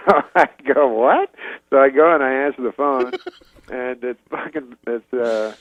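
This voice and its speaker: A man doing an impression of a comedian telling a rambling, deadpan story, full of fillers and restarts, on dull lo-fi audio. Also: mid-range voice, a little slow, no room sound, lightly acted.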